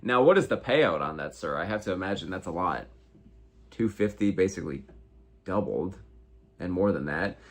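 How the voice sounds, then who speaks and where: Low-pitched yet lively in intonation, this American livestreamer in his twenties speaks at normal speed with long pauses. He reads viewers' comments aloud and responds with slangy, profanity-heavy reactions.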